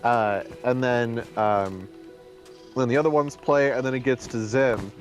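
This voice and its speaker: A man's voice: medium pitch, a little slow, soft background music. A man in a casual chat who tells a rambling anecdote full of fillers and acts out what people said. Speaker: co-host.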